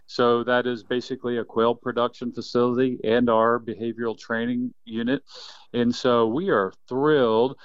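A man in his fifties, a quail biologist, telling animated stories in a casual interview with plenty of laughs. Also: mid-range voice, normal speed, clean tone, no echo, muffled recording. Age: 50s. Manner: enthusiastic, animated storyteller who laughs often.

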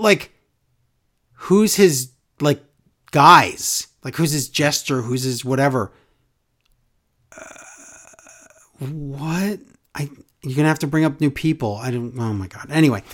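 A man hosting a podcast in casual, opinionated chat, animated and mocking, acting out quoted wrestlers in exaggerated voices. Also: mid-range voice, a little slow, pauses often.

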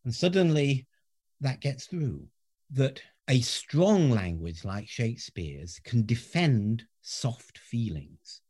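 A man, a professor, telling stories earnestly in an interview and dropping to a soft voice on key words. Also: medium pitch, animated, slow pace, breathy edge. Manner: earnest, varies loudness, drops to soft near-whisper on key words. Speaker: professor, guest. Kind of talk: reflective interview storytelling.

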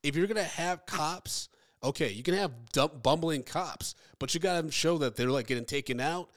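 Male podcast co-host, slightly high pitch, casual and animated, quick shifts in volume. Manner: animated, jumps between mumbled asides and excited outbursts. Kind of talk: casual chat.

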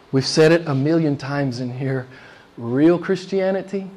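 High-voiced pastor preaching with fervor. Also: male voice, normal speed. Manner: emphatic, calls out to the congregation for responses; swings from loud declarations to near-hushed asides. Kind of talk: live sermon.

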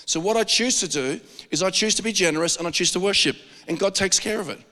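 Aussie pastor preaching, animated and jokey, keeps restarting lines, big echoey church sound. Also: male voice, high voice, fast. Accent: Australian. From Australia. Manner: animated, joking, with frequent restarts. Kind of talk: sermon.

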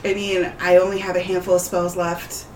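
A woman playing a tabletop game, asking quick, suspicious questions. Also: fairly low pitch, monotone, a crowd in the background. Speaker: player. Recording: roomy echo.

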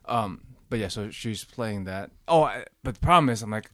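Chill guy podcasting, talks kinda low at the end of stuff, dead dry mic. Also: expressive, normal speed, a bit bright, dry recording. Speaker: podcast co-host. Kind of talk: casual chat.

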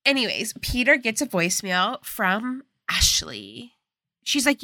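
A woman's voice: a little high, big pitch swings, unhurried, sharp tone, no room sound. A woman co-hosting a podcast, chatting casually as she explains the plot of a movie. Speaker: podcast co-host. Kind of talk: casual chat recapping a movie.

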